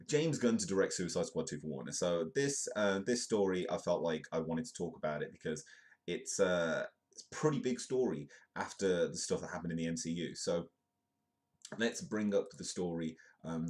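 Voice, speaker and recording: Host: hoarse British man, extremely deep voice, rambling live-stream news chat full of ums. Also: a little mellow. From United Kingdom. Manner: rambling, lots of ums and restarts, jokey asides. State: hoarse, voice sounds bad.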